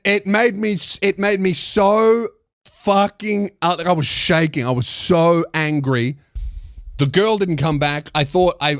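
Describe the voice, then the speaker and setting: A man's voice: on the high side, no room sound, studio quality. A man who hosts a podcast, telling a comedic story in a heated, profane way with frequent restarts. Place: podcast studio.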